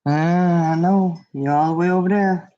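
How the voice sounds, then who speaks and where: A woman's voice: fairly low pitch, fairly even intonation, moderate pace. Rambling woman streaming casual chat. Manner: rambling, many fillers, talks to chat. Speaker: livestream host. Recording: dull lo-fi stream audio.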